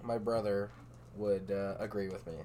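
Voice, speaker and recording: A man's voice: on the low side, little pitch movement, moderate pace, mellow, a little hiss or hum. A young man in casual chat with friends, enthusiastic and teasing. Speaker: podcast co-host.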